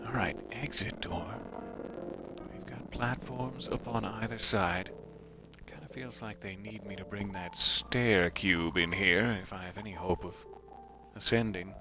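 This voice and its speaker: A man's voice: fairly low pitch, measured pace, over music. A man streaming a puzzle game live, commenting playfully and melodramatically to himself. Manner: playful, melodramatic, talks to objects.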